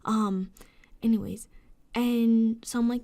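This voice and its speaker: A woman's voice: mid-range voice, moderate pace, a little mellow. A young woman telling an upsetting story as a vlogger. She vents, swears a lot and often drops into a whisper. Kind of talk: emotional storytime rant.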